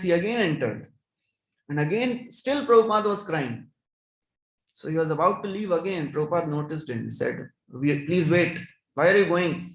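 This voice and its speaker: A man's voice: on the high side, reverberant, poor audio. A man giving a devotional scripture class, chanting verses and then explaining them.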